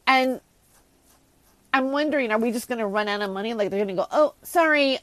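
A woman's voice: on the high side, quick pace, fairly bright tone, no echo. Frustrated woman ranting to viewers. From United States. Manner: frustrated, rambling, many restarts and asides. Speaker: vlogger. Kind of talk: casual ranting monologue to viewers.

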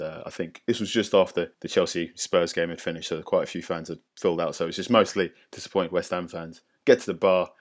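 A man guesting on a football podcast, a writer telling rambling anecdotes with lots of hesitant fillers and frequent laughter. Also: sits low. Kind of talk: casual storytelling.

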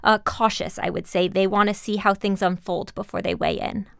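A woman reporter answering a host's questions in a measured, explanatory way. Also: medium pitch, fairly even intonation, gravelly, a bit bright, clear, resonant tone, dry recording, clean studio sound. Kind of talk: news interview.

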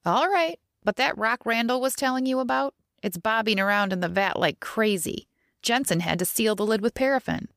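Brief: woman playing nervous, gossipy female lab worker; high and jumpy, dry close sound. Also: a bit bright, no room sound. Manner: jittery, gossipy, quick to snap.

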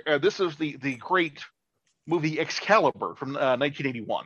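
A man co-hosting a podcast in casual chat, halting and crude in a blunt way. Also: on the high side, expressive, a bit bright, husky, no echo, highs cut off. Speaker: podcast co-host.

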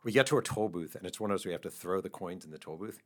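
A middle-aged man with a deep, low-pitched voice talks fast in a relaxed interview. He is an animated storyteller who laughs along with his own anecdotes. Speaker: author guest.

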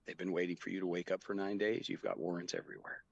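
Deep gravelly man telling his story. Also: sing-song, lo-fi sound, crowd noise. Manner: earnest, halting, with quoted dialogue. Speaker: guest. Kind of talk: personal storytelling in an interview.

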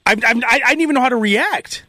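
Animated high-voiced man telling a story. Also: quick pace, no echo. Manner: animated, mimics people in quotes. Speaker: radio host. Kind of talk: casual storytelling chat. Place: radio studio.

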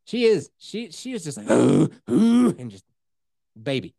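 A man's voice: fairly high pitch, very animated, moderate pace, darkish tone, no room sound, studio quality. A man telling a story in casual chat, swearing freely and acting out the quotes.

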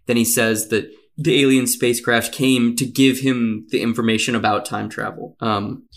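A man hosting a podcast, telling a story from a script in a relaxed, casual way with many fillers. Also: medium pitch, moderate pace. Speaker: podcast host.

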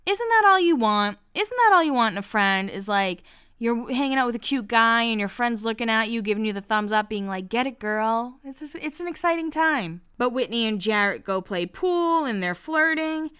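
Podcast lady gossiping thru a recap, smooth clear voice, swears casually. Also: on the high side, expressive, normal speed, fairly bright tone. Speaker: podcast host recapping a reality show.

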